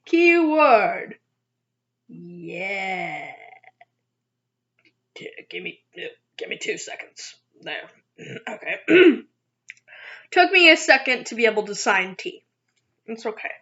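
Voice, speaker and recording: A woman's voice: fairly high pitch, bright, forceful tone. A young woman chatting casually in an eating vlog, rambling and giggling at herself, with a dull lo-fi recording. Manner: giggly, rambling, self-teasing. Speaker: vlogger. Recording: dull lo-fi sound.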